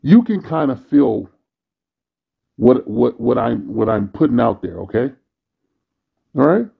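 A man's voice: mid-range voice, very animated, a little slow, vocal fry, breathy edge, narrow, tinny audio. A man delivering a bitter, weary, profanity-heavy monologue as a vlogger. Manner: bitter, weary ranting, frequent cursing.

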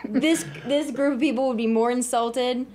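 A woman's voice: on the high side, moderate pace, a little mellow, slight background noise. A woman from South Dakota with a South Dakota accent, a guest chatting casually and playfully on a comedy show. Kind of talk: casual chat.

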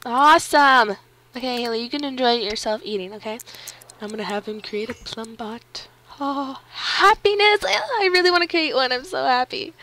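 A woman giving casual, excitable commentary while playing a life-sim game, giggling and reading on-screen text aloud. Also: fairly high pitch. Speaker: let's play gamer. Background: faint game music.

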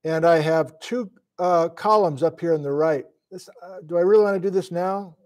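Here is a high-pitched man with a darkish tone, talking at a moderate pace. He's a middle-aged Wisconsin geology lecturer, USA-born and sleep-deprived, musing aloud in a flustered, casual live-stream class.

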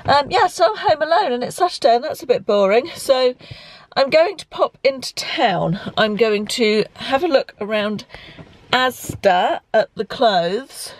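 A woman's voice: a little high, animated, a little slow. Chatty English woman in her fifties. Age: 50s. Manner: chatty, rambling, self-mocking. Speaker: lifestyle vlogger. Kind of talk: casual daily vlog chat. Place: car, then home. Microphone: handheld camera.

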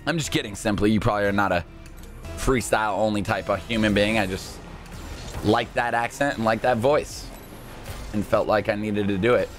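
At a moderate pace, a man commentates his gameplay live for a gaming video, with soft background music behind him. His excitable delivery shifts from calm talk into high yelps.

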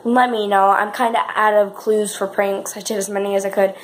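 A woman's voice: medium pitch, flat delivery, fairly quick, a little hiss or hum. A woman talking in a casual vlog, chatty and rambling, calling out to her viewers again and again. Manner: chatty, says "guys" constantly, rambling with restarts. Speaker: vlogger.

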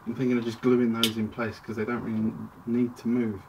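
A man talks through a toy review in a loose, chatty ramble, breaking off mid-thought and circling back. He is recorded from a distance at home, with clear background noise and plastic clicks under his voice. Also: medium pitch, completely flat delivery, brisk, warm tone. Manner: rambling, chatty, self-interrupting. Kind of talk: casual toy review vlog.

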